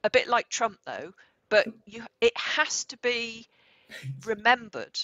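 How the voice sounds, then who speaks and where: A woman's voice: fairly high pitch, big pitch swings, slow, fairly bright tone, lo-fi sound. A woman hosting a casual interview, agreeable and encouraging. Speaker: host.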